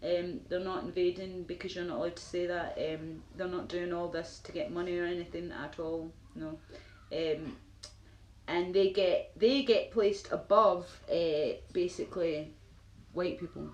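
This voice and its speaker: Speaking with a Glaswegian Scottish accent, this woman answers her live-stream viewers in loose, meandering talk full of fillers, laughing often. Her voice sits on the low side, even in tone and unhurried. There's a roomy echo in the recording, along with some faint noise.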